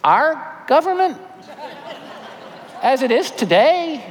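A man in his forties preaching a sermon as pastor, animated with joking asides and earnest appeals. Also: extremely high pitch, takes it slowly, slight background noise. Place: church sanctuary. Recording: church hall reverb, faint ambience.

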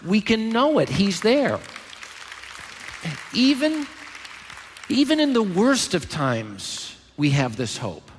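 A male pastor preaching a sermon in church, emphatic and animated, with joking asides. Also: high-pitched, slow pace, pauses often, some chatter behind, slight background noise. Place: large church hall. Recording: long hall reverb.

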